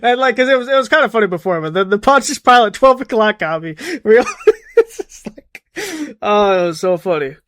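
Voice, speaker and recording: High voiced dude on a podcast, keeps laughing mid story, dry mic. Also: male voice, lively intonation, fairly quick, fairly bright tone, smooth, no echo. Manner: laughs through his own stories. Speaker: podcast co-host. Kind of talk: casual chat.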